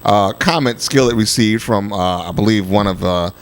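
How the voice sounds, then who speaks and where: Low-voiced man hosting with halting talk. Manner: halting, filler-heavy, crude. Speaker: podcast host. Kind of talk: casual radio talk.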